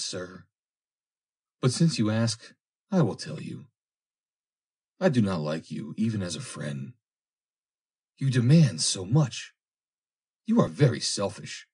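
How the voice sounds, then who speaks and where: A man's voice: on the low side, dark tone, husky, exaggerated voice. A man voicing a proud young woman who coolly rebuffs an insistent suitor, in a prim, reproving manner.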